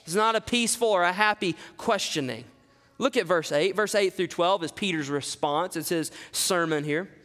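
Male pastor, high voice, expository sermon with dramatic readings, long hall reverb. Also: moderate pace. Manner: preaching with dramatic scripture reading, rising loud on quotes, dropping low for asides.

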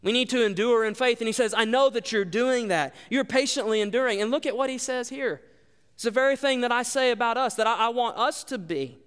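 A man's voice: very high voice, a little fast, a bit bright, clean tone, big-room sound. A male pastor delivering a sermon, emphatic and repetitive, asking the congregation rhetorical questions.

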